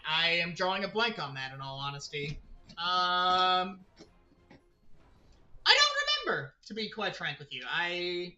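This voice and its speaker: A man's voice: high voice, unhurried, pushed and bright, muffled recording, soft background music. A man streaming a video game, chatting casually with his viewers and rambling as he plays. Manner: rambling, chatty, talks to chat and to himself. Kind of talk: casual gaming livestream chat.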